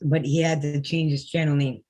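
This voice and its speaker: A woman's voice: sits low, level tone, fairly quick, mellow. A woman hosting a casual live group chat, teasing and sarcastic. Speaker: host.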